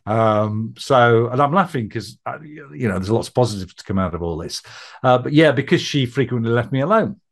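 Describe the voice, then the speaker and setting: A man's voice: medium pitch, expressive, a little fast, gravelly. A middle-aged man with a Middle English accent and a northern twang, a podcast guest telling his life story in a chatty, rambling way, often laughing, with many fillers. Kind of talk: personal storytelling interview.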